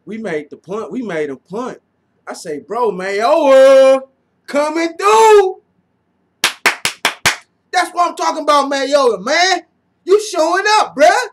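A man talks through a football game as a fan, unhurried in pace but bursting into shouts. He leans on slang and says the same lines over and over. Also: high voice. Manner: animated, slangy, repeats himself, shouts often. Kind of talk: excited play-by-play fan commentary.

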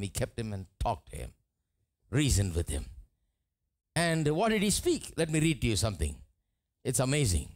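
A man's voice: a little high, moderate pace. A pastor from India preaching a live church sermon, acting out the Bible figures' lines as he tells the story. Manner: animated preaching, acts out dialogue of Bible figures. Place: church service, live recording.

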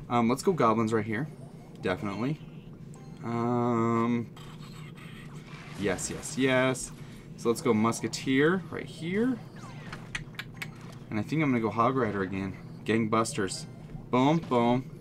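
A man giving excited, jokey running commentary on his own mobile game, talking straight to his viewers. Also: mid-range voice, a little slow, long pauses, noisy background. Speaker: gaming channel host. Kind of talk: live gameplay commentary.

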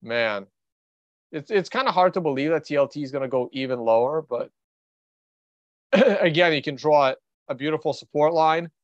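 A man's voice: a little high, moderate pace, no room sound. Guy rambling thru market charts on a livestream, blunt, kinda muffled dry recording. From Russia. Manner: rambling, thinking aloud, blunt, restarts often. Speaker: trader and show host. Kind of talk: casual livestream market commentary. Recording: dry, slightly dull recording.

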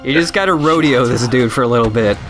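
A man's voice: medium pitch, fast talker, music in the background. A young man giving casual, laid-back gameplay commentary, explaining how a fight works and laughing often. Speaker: let's play commentator.

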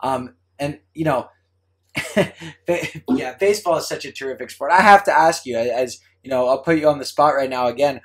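A man's voice: mid-range voice, moderate pace. A man hosting a podcast interview, friendly and casual, often restarting his sentences. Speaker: podcast host.

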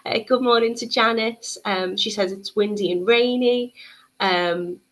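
A woman's voice: mid-range voice, unhurried, fairly bright tone. A young woman hosting a live bead-craft tutorial stream, bubbly and chatty, greeting viewers and filling gaps with lots of ums. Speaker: bead shop tutorial host.

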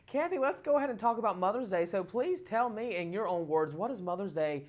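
A woman's voice: medium pitch, brisk, darkish tone. A woman hosting an entertainment show interview, chatty and playful with her guest. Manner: chatty, playful, laughs easily. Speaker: show host.

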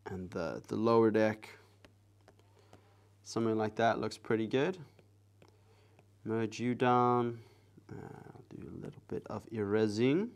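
A man hosting a live drawing stream, chatting casually with viewers in a soft, relaxed way while he works. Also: on the low side, creaky. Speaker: live-stream artist host.

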